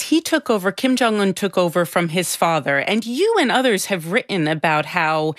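A woman's voice: lowish voice, dry recording, clean studio sound. A woman host asking questions and giving brief, attentive prompts. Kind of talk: interview questions.

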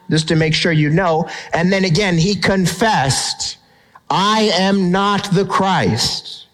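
A middle-aged man delivers a sermon from the pulpit. His voice sits a little high for a man. He preaches with animated emphasis and leans on rhetorical questions to draw listeners in. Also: low-quality recording. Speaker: pastor.

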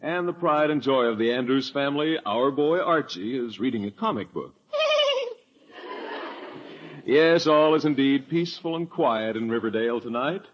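A man announcing a 1940s radio comedy, booming and theatrical, on a dull old radio recording. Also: expressive, fairly quick, few pauses.

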